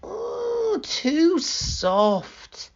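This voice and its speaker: Man doing a naughty little girl, high voice, cooing, exclaiming, storybook, lo-fi. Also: huge pitch swings, very slow, gravelly, exaggerated voice. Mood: fussy.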